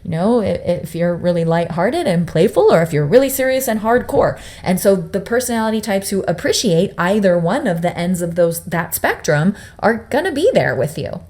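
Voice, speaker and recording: A woman's voice: fairly low pitch, big pitch swings, normal speed, few pauses, a little mellow. Woman, young adult, webinar coach; casual, upbeat and direct with viewers. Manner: chatty, upbeat, addresses viewers directly with frequent "right?". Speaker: business coach presenting a webinar. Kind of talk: webinar teaching.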